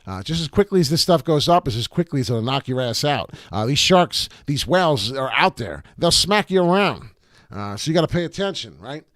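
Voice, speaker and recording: A man giving casual, brash commentary on crypto trading charts, swearing freely and jumping between excitement and warnings. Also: fairly high pitch, a little fast, no echo.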